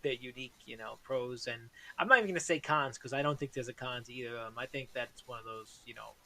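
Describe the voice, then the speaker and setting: A man's voice: mid-range voice, fast, vocal fry, bright, forceful tone, a little hiss or hum. A man as a guest on a podcast, chatting casually in an easygoing way with frequent "you know". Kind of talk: casual conversation.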